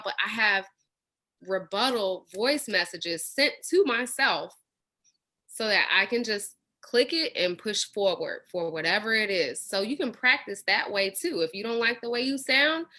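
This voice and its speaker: An enthusiastic woman shares coaching tips over a video call. Her tone is bright and crisp with a cutting edge. She stresses her points with energy. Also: medium pitch, animated, unhurried. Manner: enthusiastic, emphatic. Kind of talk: casual coaching talk.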